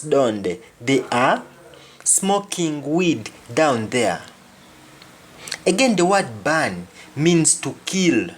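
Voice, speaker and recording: Slow, deliberate male language teacher. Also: mid-range voice, sing-song, a little hiss or hum. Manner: explanatory, repeats each example phrase twice. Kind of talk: video language lesson.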